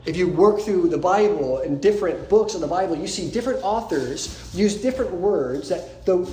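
A man's voice: high-pitched, expressive, moderate pace, warm tone, reverberant, a little hiss or hum. A man preaching a sermon, earnest and emphatic, repeating his key points. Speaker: pastor.

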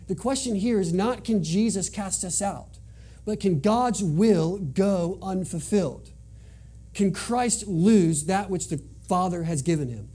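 A man's voice: high-pitched, measured pace, dark tone, breathy edge. A man preaching a sermon in an earnest, emphatic way, driving points home by repeating them. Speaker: pastor.

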